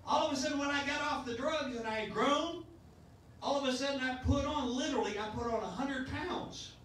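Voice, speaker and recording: A man's voice: extremely high pitch, brisk, a bit bright, slight background noise. A man in his sixties preaching a sermon as pastor, in a folksy style with many restarts. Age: 60s. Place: church sanctuary. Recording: echoey church sound from a distance.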